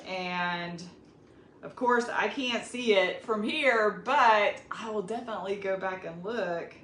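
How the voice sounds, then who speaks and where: A woman's voice: medium pitch, fairly bright tone. A woman with a Southern US accent hosting a casual cooking demonstration, chatting straight to her viewers. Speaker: cooking video host. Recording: echoey room with faint background noise.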